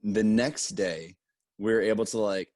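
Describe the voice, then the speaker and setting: Animated man telling a story. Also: a little slow, no echo. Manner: animated, acts out quotes with raised pitch. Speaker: guest storyteller. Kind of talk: casual storytelling.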